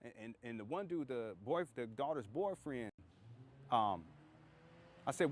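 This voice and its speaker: Man, vlogger, rambling storyteller, outdoors, quick talker, faint street noise. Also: medium pitch, expressive. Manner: rambling, repeats himself, conversational. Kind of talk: storytelling vlog.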